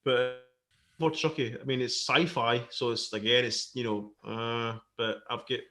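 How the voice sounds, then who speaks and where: A Scottish man hosting a casual livestream chat, talking in an animated, sweary way and acting out lines in silly voices. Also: medium pitch, unhurried. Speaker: podcast host.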